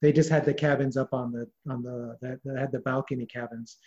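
A man's voice: medium pitch, fairly even intonation, fairly quick, darkish tone, muffled recording. A man in a casual chat, recalling stories and correcting himself as he goes. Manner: meandering, corrects himself mid-sentence.

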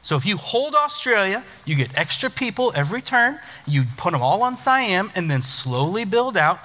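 A young adult man serving as youth pastor delivers a casual sermon in a church hall, his high voice at a moderate pace. He is joking and self-deprecating, telling lively stories, while the room rings with long reverb.

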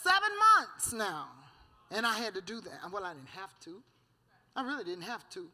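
Woman, church testimony, preaching, fervent, amen and hallelujah, storytelling, bright tense voice. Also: medium pitch, very animated, normal speed. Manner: storytelling, often laughing. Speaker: guest giving a church testimony.

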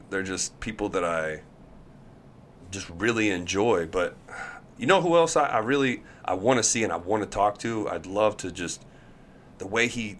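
A man in his thirties, a pro pitcher, telling chatty, animated stories as a podcast guest. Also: slight background noise. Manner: chatty, animated storyteller who acts out quotes. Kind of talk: podcast interview storytelling.

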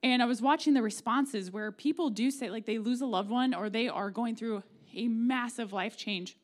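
A woman's voice: fairly high pitch, normal speed. A woman in her forties with an American Midwestern accent, preaching a conversational, humorous sermon in a church. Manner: conversational and humorous, acting out quoted prayers. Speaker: pastor. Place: church sanctuary.

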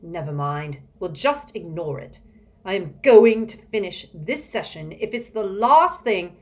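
A woman voicing an irritable, blustering old villain man who talks loudly and huffily. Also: expressive, unhurried. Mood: irate. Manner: loud, shrill and huffy.

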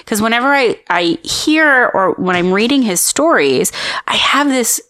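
A woman's voice: fairly high pitch, lively intonation, measured pace, a bit bright, dry recording. A woman hosting a podcast, telling a story in a casual, rambling way with lots of restarts. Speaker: podcast host. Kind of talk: casual chat.

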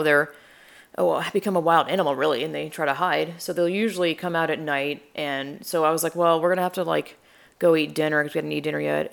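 A young woman tells a long story in a relaxed, rambling way, full of fillers and blunt swearing. Her voice sits on the lower side and has a gravelly, fry-heavy texture. She talks with a sarcastic, offhand edge. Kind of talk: casual storytime chat.

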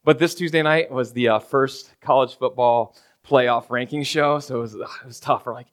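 With a mid-range voice, a steady tone and a normal speed, this pastor talks almost without pausing. His sermon is relaxed and chatty, full of "right?" tossed to the congregation and everyday scenes performed in quoted voices.

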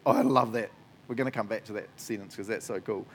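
A man's voice: fairly low pitch, steady tone, fast talker, slight background noise. A man with a New Zealand accent preaching a sermon in church, casual and chatty, often adding "eh" and laughing easily. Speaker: pastor.

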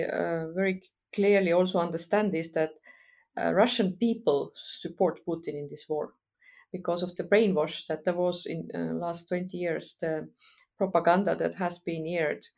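A middle-aged woman from Estonia, speaking frankly as a guest expert in a podcast interview, pausing often with "uh" as she thinks. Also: on the low side, creaky, a little mellow. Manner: thoughtful, frank, with frequent uh pauses.

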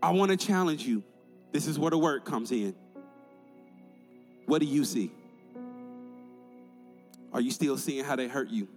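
A man's voice: medium pitch, animated, a little slow, long pauses, a little mellow, big-room sound, soft background music. A male pastor preaching a sermon in an emphatic, conversational way, building points through repetition.

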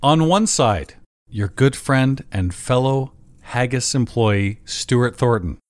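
A man's voice: medium pitch, animated, slow pace, slight background noise. A man hosting a podcast in casual chat, running a mock game-show bit with a teasing, profane delivery. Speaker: podcast host.

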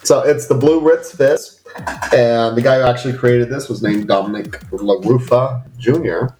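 A man's voice: medium pitch, normal speed, slight background noise. Chatty man in a roomy space. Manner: animated storyteller, laughs easily. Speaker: book club podcast co-host. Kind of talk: casual chat. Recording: roomy echo.

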